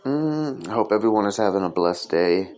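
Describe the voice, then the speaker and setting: A man's voice: lowish voice, lively intonation, normal speed, darkish tone. A man hosting his own podcast, talking earnestly in a loose, casual way with frequent "um" fillers. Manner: earnest, sincere delivery. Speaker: podcast host. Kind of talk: casual solo podcast monologue.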